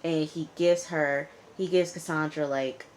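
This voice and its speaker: Low-pitched and unhurried, this woman keeps a fairly even intonation while chatting through a TV episode recap as a reviewer. Her speech is loaded with "you know" and "like," and she answers the characters back as she tells the plot.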